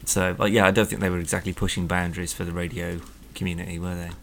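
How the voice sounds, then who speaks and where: Low gravelly man rambling casually. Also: little pitch movement, quick pace, a bit bright, slight background noise. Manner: rambling, heavy use of "like", trailing restarts. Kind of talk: casual chat.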